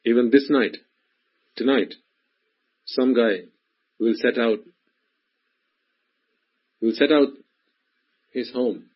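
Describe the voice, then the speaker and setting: On a dull, lo-fi recording, a man delivers a sermon in a husky, mid-range voice, speaking slowly and pausing often. He hammers his points through repetition and by questioning the listeners directly.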